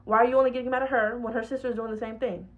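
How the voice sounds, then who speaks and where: A woman's voice: a little high, fairly even intonation, rapid-fire, narrow, tinny audio, close to an everyday voice. A woman acting out a blunt, confrontational uncle who scolds his family in a comedy skit. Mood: scolding. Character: bossy adult uncle, scolding and defensive.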